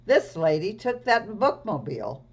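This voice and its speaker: A woman's voice: medium pitch, big pitch swings, moderate pace, slightly rough, lo-fi sound, pitched above the performer's own voice. Woman playing a firm, kindly police officer.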